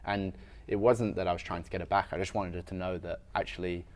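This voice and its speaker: Very deep-voiced man, candid. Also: little pitch movement, fast talker. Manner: frank and reflective, casual with frequent fillers and swearing. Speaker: podcast guest, weightlifter and strength coach. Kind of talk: candid conversational storytelling.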